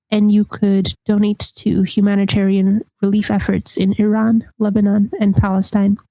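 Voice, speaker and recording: Female podcast co-host, American accent, mellow tone, earnest and deliberate delivery, dry sound. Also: mid-range voice, dry recording, poor audio. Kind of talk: casual podcast chat.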